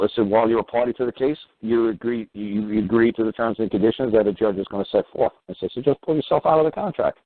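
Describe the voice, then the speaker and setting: A man hosting a call-in radio show, talking in an animated, rambling way, acting out both sides of conversations and swearing now and then. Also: lowish voice, dry recording. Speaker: radio talk show host. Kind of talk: call-in radio advice talk. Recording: tinny phone-line sound.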